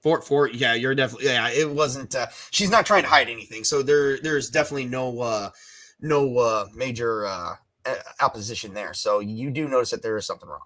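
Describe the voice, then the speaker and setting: A man's voice: mid-range voice, a bit bright. Man running a tabletop game. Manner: loose, filler-heavy, halting. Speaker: game master. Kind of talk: narrating a tabletop horror game.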